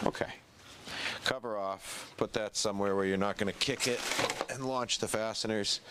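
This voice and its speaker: A man's voice: on the low side, normal speed, heavy background noise. A congested man who breathes through his mouth, talking casually and a bit sarcastically as he takes apart a car engine in a garage, his breathing caught up close by a good mic. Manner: relaxed, chatty, mildly sarcastic, with fillers. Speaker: home mechanic. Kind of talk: casual how-to narration while working. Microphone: good-quality mic picking up breathing.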